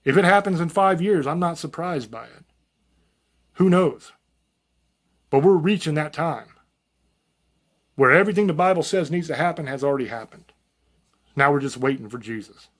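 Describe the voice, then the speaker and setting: A man's voice: on the high side, moderate pace, long pauses. Blunt, profane man ranting to camera. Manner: blunt, profane, folksy, rambling. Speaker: channel host. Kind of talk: unscripted monologue to camera.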